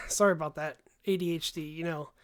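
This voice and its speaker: A young man hosting a casual livestream, rambling and animated, with frequent sighs and asides, his voice tiring from long talk. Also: a little high, brisk, clean tone. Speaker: host.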